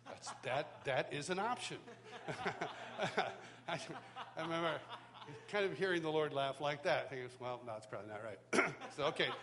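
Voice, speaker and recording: A middle-aged man preaching at a live church worship school, telling his life story with self-deprecating humor and acting out the voices of people he quotes. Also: a little high. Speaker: worship teacher. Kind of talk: personal testimony sermon.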